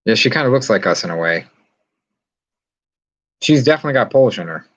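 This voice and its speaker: A man's voice: on the low side, lively intonation, brisk, a bit bright, highs cut off. A man hosting a casual live stream from inside a yurt, rambling and chatting as he answers viewer comments. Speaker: vlog host.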